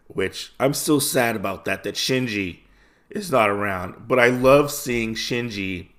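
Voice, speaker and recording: A man's voice: fairly low pitch, fairly bright tone. A man hosting a podcast, recapping a comic casually with lots of fillers and restarts. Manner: rambling, many fillers and restarts. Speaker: podcast host.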